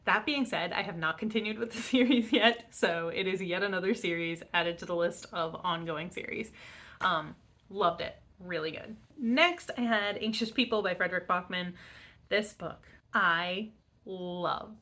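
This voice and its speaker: A woman's voice: fairly low pitch, moderate pace, bright, forceful tone. A young adult woman reviewing books in a casual chat, bubbly and rambling with many fillers. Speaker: book vlogger.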